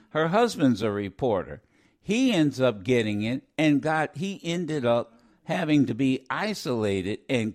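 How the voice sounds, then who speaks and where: A man hosting a live radio talk show, rambling with many fillers and restarts, blunt and opinionated. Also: medium pitch.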